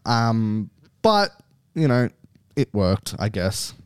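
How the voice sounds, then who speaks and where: A man's voice: on the low side, clear, resonant tone, no room sound, clean studio sound. Young man in loose sweary chat. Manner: relaxed, swears often, drawn-out phrasing. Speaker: podcast co-host. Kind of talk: casual chat.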